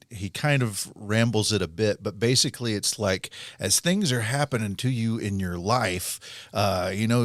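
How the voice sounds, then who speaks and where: Podcast co-host, man, lower voice, rambling enthusiasm, dry close mic. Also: fairly bright tone, dry recording. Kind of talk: casual chat.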